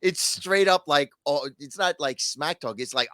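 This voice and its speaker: A man co-hosting a podcast in casual chat, telling stories and acting out quotes in a loud voice. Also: a little high, unhurried, no echo, clean studio sound. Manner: animated storyteller, acts out quotes in loud voices. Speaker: podcast co-host.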